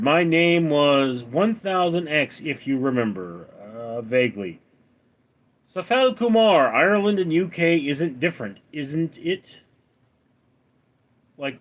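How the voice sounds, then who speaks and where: A young male livestream host from Los Angeles talks to his viewers in a relaxed, rambling way as he works through their comments. He speaks slowly, and his pitch rises and falls widely. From Los Angeles, California. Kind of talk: casual live chat, reading comments.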